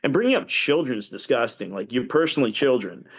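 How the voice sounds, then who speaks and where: A man's voice: mid-range voice, animated, fast. A man telling a story as a podcast guest in casual conversation, rambling, restarting sentences and filling gaps with fillers. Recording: dull lo-fi audio.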